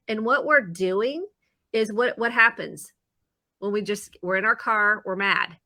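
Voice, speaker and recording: A woman therapist talks through her ideas on a live talk show. Her voice is bright and close, with a dry sound. She explains in an earnest way and acts out the things people say to themselves. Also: medium pitch, measured pace, no echo. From Indiana, US. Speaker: therapist guest.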